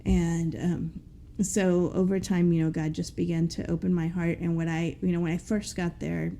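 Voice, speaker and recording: Earnest woman with a gravelly, low voice. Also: little pitch movement, normal speed, mellow, slight background noise. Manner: earnest, rambling with many fillers. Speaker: guest. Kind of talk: personal storytelling in an interview.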